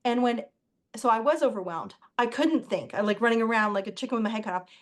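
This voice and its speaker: A woman with a slightly high voice talks on an interview show as the guest. Her speech is chatty and animated. She drops into quoted exchanges as she tells her stories. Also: fast. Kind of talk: casual interview storytelling.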